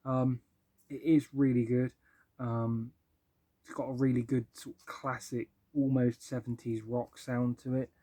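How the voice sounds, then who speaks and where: A man's voice: medium pitch, flat delivery, unhurried, mellow, no echo. Casual young male vlogger, enthusiastic and rambling, dry close sound. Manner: chatty and enthusiastic, many ums and likes. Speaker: music vlogger. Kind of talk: casual album-ranking talk.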